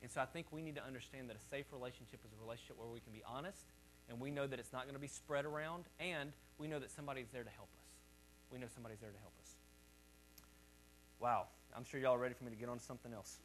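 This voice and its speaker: A man's voice: medium pitch, fast talker, fairly bright tone, a little hiss or hum. A male pastor preaching a sermon in a conversational, joking way, calling on the congregation to repeat words back to him.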